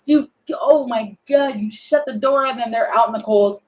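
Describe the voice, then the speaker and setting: A woman's voice: fairly high pitch, moderate pace, few pauses, a little mellow, low-quality recording. A woman doing a casual tarot reading, chatty and thinking aloud, often laughing and breaking off. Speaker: tarot reader.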